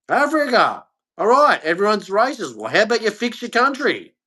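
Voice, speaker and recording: A man's voice: high-pitched, big pitch swings, brisk, fairly bright tone. A man with an Australian accent, ranting bluntly and angrily to camera in a profane vlog monologue. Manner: blunt, angry and profane, with heavy emphasis. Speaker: vlogger.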